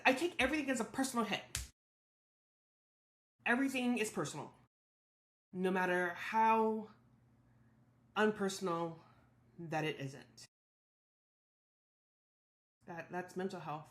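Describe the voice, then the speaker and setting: A woman's voice: mid-range voice, reverberant. A woman hosting a solo podcast, talking candidly and reflectively about her own thoughts and feelings. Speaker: podcast host.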